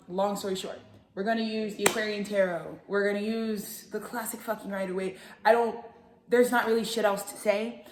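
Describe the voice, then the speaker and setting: Profane, rambling woman in an echoey room. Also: mid-range voice. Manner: profane, animated, jokey asides. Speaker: tarot reader and channel host. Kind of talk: casual rambling monologue.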